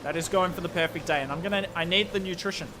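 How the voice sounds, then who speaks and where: A young Australian man commentating a strategy game live on stream, with excitable play-by-play and chatty asides to his viewers. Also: sits high, quick pace, noisy background.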